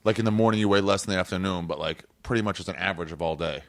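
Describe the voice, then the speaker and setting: Low voiced guy host firing off blunt questions fast, dry sound. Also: no room sound. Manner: blunt, crude, quick questions. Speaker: podcast host. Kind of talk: casual podcast chat.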